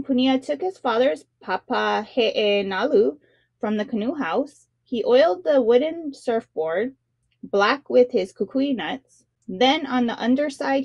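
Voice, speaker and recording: A woman reading a children's picture book aloud as narrator, with expressive, dramatic emphasis. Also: fairly high pitch, no echo, muffled recording.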